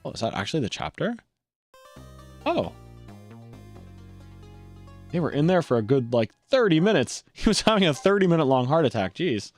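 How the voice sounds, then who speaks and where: A man streaming a game, chatting casually and reading the on-screen text aloud in an animated way. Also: on the high side, moderate pace, long pauses. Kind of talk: casual let's-play commentary. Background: faint game music.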